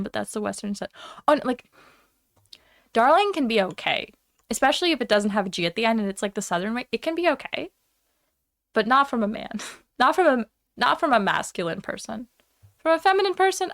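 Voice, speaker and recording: A woman's voice: on the high side, no echo, clean studio sound. Fired-up young woman ranting on stream. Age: young adult. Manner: heated, profane, animated storytelling. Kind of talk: casual ranting chat.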